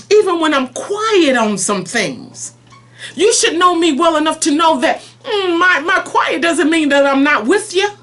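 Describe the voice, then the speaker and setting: Pleading and emphatic, a woman preacher with a high-pitched voice delivers a prophetic message in the voice of God, now soft, now forceful.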